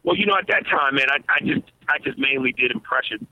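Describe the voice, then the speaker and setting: A man who is a stand-up comedian, talking as a guest in a casual interview. He speaks in a relaxed way and stutters on repeated words. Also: medium pitch, fast talker, dry recording. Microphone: phone. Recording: tinny phone line.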